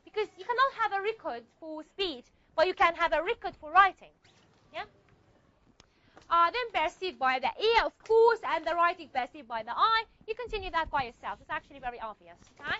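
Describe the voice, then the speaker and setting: A woman's voice: very high-pitched, expressive, brisk, sharp tone, dry recording. A woman teaching a university linguistics class in a classroom, explaining step by step and checking in with her students. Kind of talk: classroom lecture. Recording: slightly muffled lo-fi recording.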